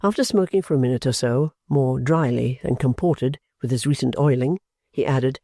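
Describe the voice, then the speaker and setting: A man narrates a classic novel in a steady, even voice. His tone is warm and mellow. He is recorded close on a studio mic, with a dry sound and no room echo. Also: mid-range voice, normal speed. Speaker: audiobook narrator. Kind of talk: scripted narration.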